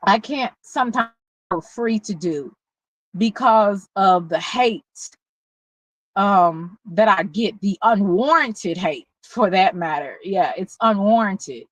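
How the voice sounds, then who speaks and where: A woman with a Southern US accent, talking candidly and haltingly in a personal vlog, at times close to tears. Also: mid-range voice, lively intonation, no echo, rough recording. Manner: slow, candid, halting, with many pauses and fillers. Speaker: vlogger. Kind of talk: emotional personal vlog talk.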